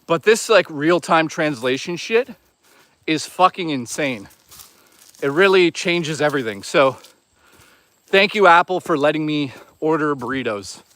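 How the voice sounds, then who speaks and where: Man, young, outdoors in the woods, walking and streaming, crude rambling jokes, higher-pitched voice. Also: lively intonation, measured pace, a bit bright, no echo. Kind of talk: casual live-stream chat while walking.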